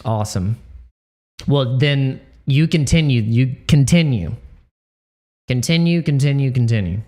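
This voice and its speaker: A man of middle pitch hosts a casual livestream, and his voice is choked up and tearful. He stumbles through restarts and fillers as emotion catches him. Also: expressive, a little slow, a little mellow. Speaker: crypto livestream host.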